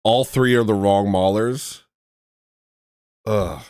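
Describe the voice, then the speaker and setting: A man's voice: lowish voice, slow, darkish tone, no echo, studio quality. A man hosting a livestream, reacting to a video with joking, sarcastic commentary and frequent laughter. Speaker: livestream host.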